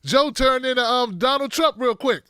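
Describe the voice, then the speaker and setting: A man's voice: extremely high pitch, moderate pace, sharp tone, clear, resonant tone, dry recording, clean studio sound. A man hosting a comedic political commentary, riffing animatedly with exaggerated jokes.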